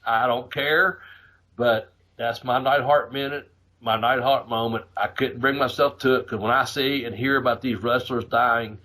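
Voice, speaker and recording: A man hosting a podcast, telling a road story in a casual, profane, animated way, laughing as he goes. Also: mid-range voice, normal speed. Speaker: podcast host.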